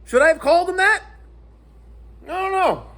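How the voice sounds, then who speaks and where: A man telling a profane, animated story in a casual vlog rant. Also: very high-pitched, normal speed. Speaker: internet personality.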